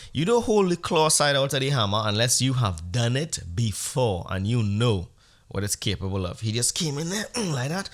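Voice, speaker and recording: A man's voice: medium pitch, a bit bright. Male comedy podcast host, rambling storyteller, profane and mock-earnest.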